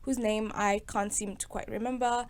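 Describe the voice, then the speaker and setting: A young woman hosting a film review in casual, sarcastic commentary, chatty and quick to laugh. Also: mid-range voice, fairly even intonation, smooth. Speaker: video host reviewing a film.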